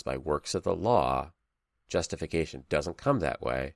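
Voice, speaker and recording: A man's voice: rumbling low, lively intonation, unhurried, creaky, no room sound, clean studio sound. A man hosting a conversational Bible study, thoughtful, reading passages aloud between fillers. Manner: thoughtful, reads scripture aloud, many fillers. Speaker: podcast host leading Bible study. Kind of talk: casual conversational Bible discussion.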